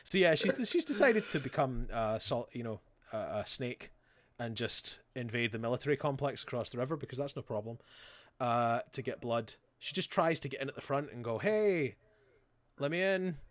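A man's voice: medium pitch, expressive, fairly bright tone. Guy on a podcast ranting about a show, sarcastic, does all the voices. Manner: sarcastic, acts out characters' lines in quick voices. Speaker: podcast co-host. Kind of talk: casual chat recapping a show.

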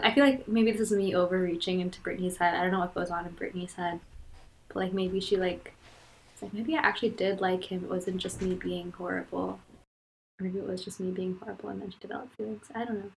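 A woman's voice: mid-range voice, fairly even intonation, fast, gravelly, a little hiss or hum, rough recording. Sarcastic laughing woman in chat. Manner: sarcastic, laughs while talking, trails off. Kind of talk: casual chat.

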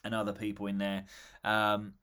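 A man's voice: fairly low pitch, completely flat delivery, moderate pace, bright, forceful tone, clear, resonant tone. An English man hosting a casual comedy podcast, telling a rambling, jokey story with lots of fillers. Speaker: podcast host.

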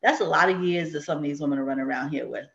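A woman chatting casually, quick to agree and laugh along. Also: sits low, gravelly, a bit bright, lo-fi sound. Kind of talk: casual chat.

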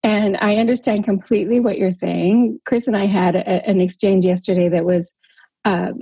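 A woman's voice: mid-range voice, steady tone, normal speed, mellow, husky, dry recording. A woman leading a group call, coaching in an encouraging, casual way and often checking in with "right?". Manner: encouraging, tags points with "right?". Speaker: workshop leader on a group call. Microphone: call audio.

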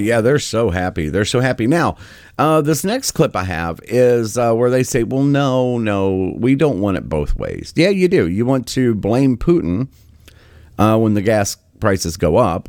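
Male host, deep voice, lively swings, sarcastic riffing, dry close mic. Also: unhurried, dry recording. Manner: sarcastic, exasperated, mocking. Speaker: political commentary host. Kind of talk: casual commentary over clips.

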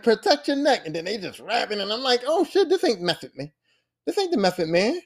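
A man with a high voice tells a rambling, profane story on his podcast and jumps into the voices of the people in it. His talk is loose and animated, with swings between loud and hushed. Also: fast. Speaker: podcast host. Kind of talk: casual storytelling.

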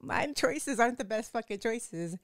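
A woman's voice: a little high, lively intonation, normal speed, no room sound, clean studio sound. A young woman candidly recounting a painful personal experience, emotional and swearing freely, with lots of filler words. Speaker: guest telling her story. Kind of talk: candid personal storytelling, casual chat.

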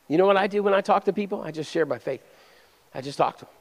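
High-voiced preaching man in a reverberant hall. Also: quick pace. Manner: energetic preaching that swings between loud exhortation and quiet conversational asides. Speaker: pastor. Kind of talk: sermon. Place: church hall.

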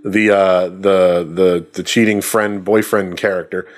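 A man's voice: low voice, flat delivery, measured pace. A man co-hosting a casual podcast chat, laughing often and swearing freely. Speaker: podcast co-host.

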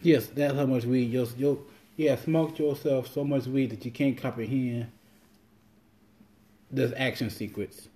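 A man with a warm, mellow voice talking in a loose, rambling monologue as a podcast host. He swears freely and slips into quick impressions of what people said to him. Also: medium pitch, fairly even intonation. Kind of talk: casual monologue.

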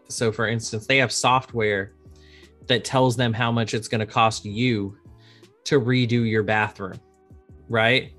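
A man in his thirties chats casually as a podcast guest, explaining his law work. His voice sits in a middle pitch, and he slips into voices for the people in his stories. Faint guitar music plays behind. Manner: animated storyteller, acts out quoted dialogue. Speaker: insurance attorney guest.

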